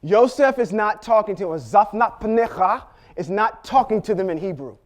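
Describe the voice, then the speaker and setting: A man teaching a Bible lesson, telling the story with animated delivery and acting out the characters' lines. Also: high-pitched, normal speed. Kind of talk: sermon teaching.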